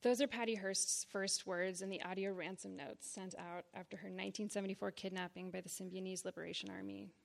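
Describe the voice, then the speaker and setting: A woman in her thirties reads her own memoir aloud at a live event, her mid-range voice catching on a gravelly fry at the ends of phrases. She takes it slowly, phrase by phrase, blunt and frank. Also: mid-range voice, fairly even intonation. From Boston area, United States. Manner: deliberate, measured reading in short phrases with blunt frankness. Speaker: writer reading her own work. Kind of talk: live literary reading of personal memoir. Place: reading series event before an audience.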